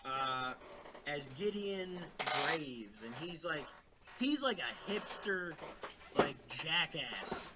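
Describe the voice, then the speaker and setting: A man's voice: on the high side, sing-song, extremely slow, very noisy. A man co-hosting a podcast, chatting casually about movies, rambling with lots of fillers and restarts over a remote call. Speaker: podcast co-host. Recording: remote call, poor audio.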